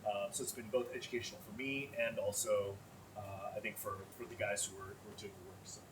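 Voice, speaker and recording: A man's voice: fairly low pitch, fast. A man speaking as a panelist in a panel discussion, talking in an earnest, conversational way with lots of "like.". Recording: far-off mic with faint noise.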